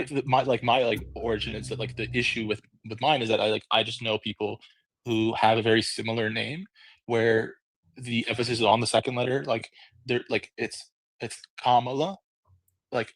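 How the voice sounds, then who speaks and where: A man's voice: medium pitch, fairly bright tone, husky, no echo. A man speaking on an online panel, hesitant and full of fillers and restarts. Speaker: audio room panelist. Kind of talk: casual discussion.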